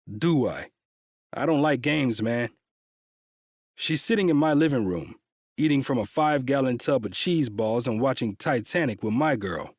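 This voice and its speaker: A man's voice: mid-range voice, expressive, normal speed, darkish tone, no room sound, studio quality, close to an everyday voice. A man voicing a blunt, protective adult man who taunts and swears in a curt way, read as an audiobook character.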